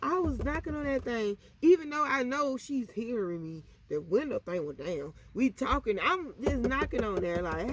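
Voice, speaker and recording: A woman telling a story in a casual storytime vlog, animated and slangy. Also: on the high side, normal speed, few pauses, a little hiss or hum. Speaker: vlogger.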